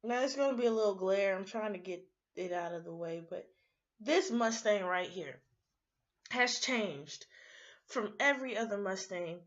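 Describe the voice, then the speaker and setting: A sleepy young woman rambles on to her camera in a loose, chatty rant, her voice sitting at an ordinary middle pitch. The recording is a little muffled and dull, like a simple home setup. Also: moderate pace. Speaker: vlogger.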